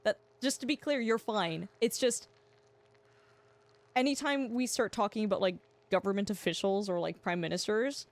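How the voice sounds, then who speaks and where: A woman's voice: mid-range voice, moderate pace. Chatty woman streaming games. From Canada. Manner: chatty, answers chat, stammers and restarts. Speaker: game streamer. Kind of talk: casual livestream chat.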